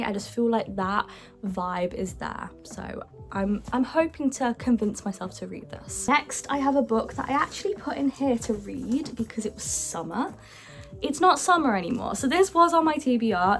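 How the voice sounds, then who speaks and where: A young woman talks through her books in a casual, chatty way, full of excitement and dropping into the odd hushed aside. Her voice sits at an ordinary middle pitch. Soft music plays faintly behind her. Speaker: book vlogger. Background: faint background music.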